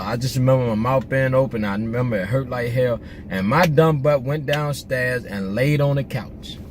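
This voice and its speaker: A man's voice: mid-range voice, background noise. A middle-aged man, telling loose, joking stories while he drives, full of slang and restarts. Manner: laid-back, joking, rambling with restarts and slang. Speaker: vlogger. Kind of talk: casual storytelling while driving. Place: in a car.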